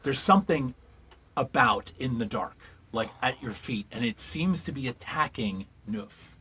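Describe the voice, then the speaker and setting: Relaxed man narrating as game master. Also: medium pitch, measured pace, slightly rough. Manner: casual, loose narration with fillers.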